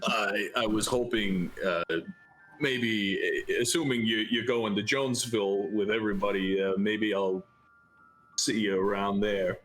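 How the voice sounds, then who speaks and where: A man's voice: on the low side, moderate pace, a bit bright, slight background noise, lightly acted, low-quality recording. A man voicing a flustered, awkward adventurer in a tabletop game, stammering and repeating himself nervously. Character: flustered, awkward old male half-elf player character.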